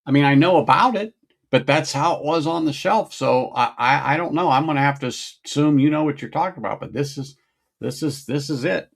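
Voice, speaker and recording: Man, middle-aged, gravelly voice, casual chatty livestream host, thinks out loud. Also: on the high side, a little fast. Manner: chatty, musing aloud, greets viewers. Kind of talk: casual whiskey-tasting livestream chat.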